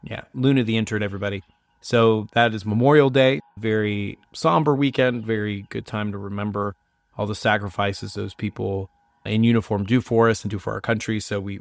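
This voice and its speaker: Chatty man hosting a podcast, low voice. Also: no room sound. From United States. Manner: chatty, self-mocking, with quick asides. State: getting over a sinus cold. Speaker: podcast host. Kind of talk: casual solo podcast talk.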